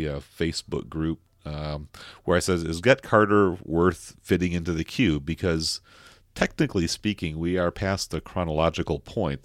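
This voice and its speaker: A man hosting a film podcast in a relaxed, rambling way, with many fillers. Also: sits low, dry recording, studio quality. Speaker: podcast host. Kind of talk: casual film discussion.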